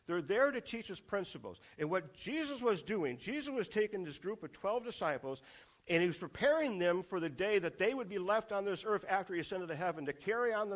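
A man with a high voice preaches a sermon. He puts rhetorical questions to the congregation and hammers his points home through repetition.

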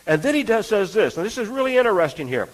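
A male preacher with a notably high voice delivers a sermon in an earnest, conversational manner. He keeps turning to his listeners with rhetorical questions. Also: sing-song, fast talker, low-quality recording.

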